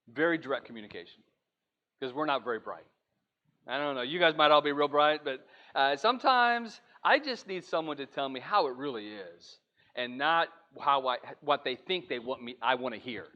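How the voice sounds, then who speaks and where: Male preacher, high animated delivery, earnest and conversational with his congregation, dull lo-fi church audio. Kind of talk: sermon lesson. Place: church auditorium.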